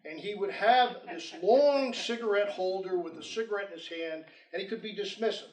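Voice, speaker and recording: A man giving a storytelling history lecture, animated and acting out quoted dialogue, in a lecture room with roomy echo. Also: high voice, normal speed. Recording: roomy echo, distant mic.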